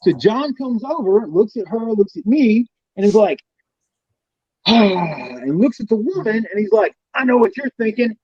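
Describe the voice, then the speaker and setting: A man's voice: high-pitched, big pitch swings, measured pace, husky. A man telling a comic story as a guest, swearing freely and playful. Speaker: guest knight. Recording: dull lo-fi dry sound.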